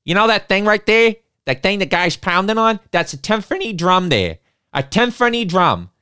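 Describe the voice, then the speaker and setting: A woman voicing a big, gruff man with a thick Boston accent who calls out bluntly and loudly. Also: medium pitch, sing-song, moderate pace, voice pushed up.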